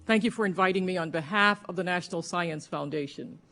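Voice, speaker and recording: A woman agency official reading her prepared testimony to a congressional panel in a measured, formal way. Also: lowish voice, fairly bright tone.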